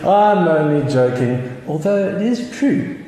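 A man retelling a grumpy male cartoon supervillain's lines with a chuckle, in his own voice raised a little in pitch. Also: expressive, a little slow, warm tone. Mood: joking. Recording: echoey hall with faint noise.

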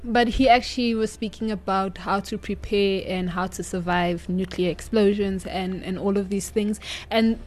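A woman's voice: medium pitch, fairly even intonation, normal speed, few pauses. A woman co-hosting a casual talk show, chatty and questioning, with fillers.

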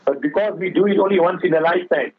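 A man's voice: sits high, fast talker, breathy edge, no echo. A man giving an earnest religious talk on a radio show, urging listeners and telling a moral story. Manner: earnest, exhorting, addresses the other speaker as Maulana; tells a moral story with quoted dialogue. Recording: phone line on radio.

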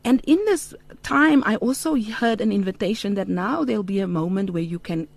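A middle-aged woman giving a heartfelt personal testimony in an interview, earnest and unhurried with frequent ums. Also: medium pitch, vocal fry, no room sound. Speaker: interview guest.

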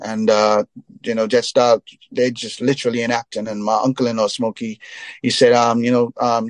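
A man from Trinidad tells stories in a loose, rambling interview, dotting his talk with "you know". His voice sits at an ordinary pitch for a man, recorded close and dry with no room sound. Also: dry recording. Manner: rambling, frequent "you know" fillers, laughs while telling stories. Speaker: interview guest, reggae singer. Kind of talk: casual storytelling interview.

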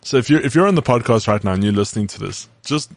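A man's voice: lowish voice, animated, fast talker, gravelly, dry recording. A man co-hosting a podcast, talking in an easygoing, enthusiastic way. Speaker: podcast co-host. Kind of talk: casual podcast chat.

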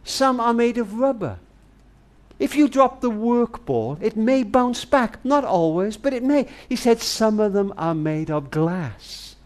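A man's voice: sits high, expressive, unhurried. An older man telling a heartfelt story in a tender manner, speaking to a grandchild as darling. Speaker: speaker and author.

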